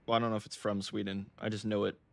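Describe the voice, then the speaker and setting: A man's voice: fairly low pitch, flat delivery, rapid-fire, gravelly. An American man chatting casually to his live-stream chat, often laughing, swearing and stumbling over words. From United States.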